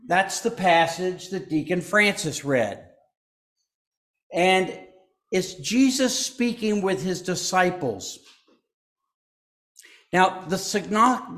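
A man preaching a sermon as pastor, speaking in a folksy way and joking with the congregation between points. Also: a little high. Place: church sanctuary. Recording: echoey church.

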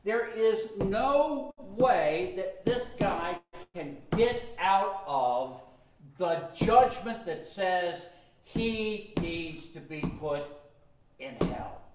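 A man's voice: high-pitched, lively intonation, extremely slow, far from the mic, background noise, heavily acted. A man playing a gloating devil prosecutor. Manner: boastful, emphatic. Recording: echoey room.

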